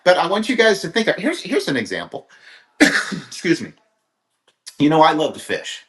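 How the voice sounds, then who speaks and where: His voice is a little high and fairly bright, swinging hugely in pitch at a normal speed, with reverberation around it. He's a middle-aged Kansas motivational speaker giving an earnest, rambling livestream talk, telling stories and restarting often.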